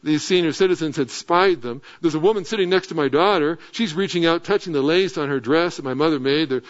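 Middle-aged pastor guy telling a story from the pulpit, kinda high voice, muffled lo-fi sound. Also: brisk. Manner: animated anecdote, dropping to earnest low tones. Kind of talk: storytelling sermon. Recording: dull lo-fi sound.

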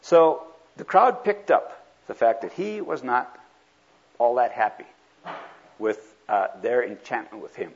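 A male preacher giving a sermon, lively and acting out the people he quotes. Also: mid-range voice, unhurried, breathy edge. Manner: animated, acts out quoted speakers. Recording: dull lo-fi recording.

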